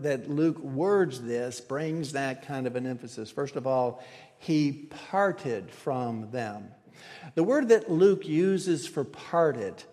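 Male preacher with a raised voice in a reverberant hall. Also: a little high. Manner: conversational preaching with restarts and soft laughs. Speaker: pastor. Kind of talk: sermon.

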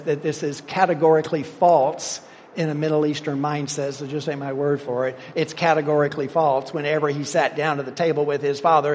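A man's voice: a little high, big-room sound. A man preaching a sermon, stressing his points with rising emphasis and quoting scripture figures. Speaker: pastor.

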